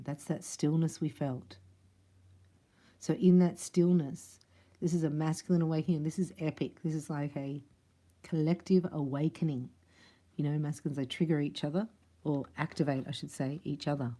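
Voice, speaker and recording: A woman giving a casual spiritual tarot reading, chatty and quick to laugh. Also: sits low, fairly even intonation, dark tone. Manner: chatty, laughs often, acts out other voices. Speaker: tarot reader.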